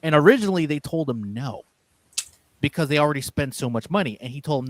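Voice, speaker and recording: A man's voice: a little high, expressive, quick pace, no echo. A man chatting casually on a stream, telling long rambling stories with lots of fillers and restarts. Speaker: stream co-host. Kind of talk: casual chat.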